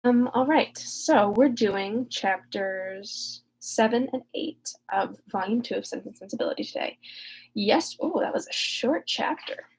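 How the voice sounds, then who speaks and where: A woman's voice: fairly high pitch, unhurried, slightly rough, poor audio. Chatty young woman recapping a novel. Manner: chatty, animated retelling with lots of "like". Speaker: reader and recap vlogger. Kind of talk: casual recap and book reading. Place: room lit by a window, recording alone.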